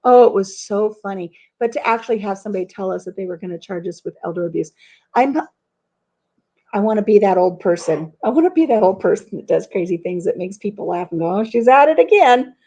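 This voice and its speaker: A woman's voice: mid-range voice, fairly quick, warm tone, muffled recording. A middle-aged woman hosting a casual live stream from home, rambling through stories, reading viewer comments aloud and laughing at her own tales. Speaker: host of a live chat stream.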